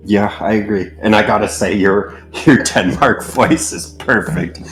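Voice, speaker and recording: A very deep-voiced man chats casually as a podcast co-host, hesitating and circling back with "like" as he goes. Faint music sits behind him in the studio. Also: steady tone, a little slow, poor audio. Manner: hesitant, restarts with "like". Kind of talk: casual chat.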